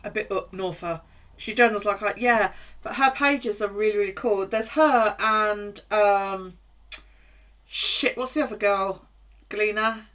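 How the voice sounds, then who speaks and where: A woman's voice: medium pitch, measured pace, fairly bright tone. Chatty, sweary woman streamer. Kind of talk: casual live-stream chat. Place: home.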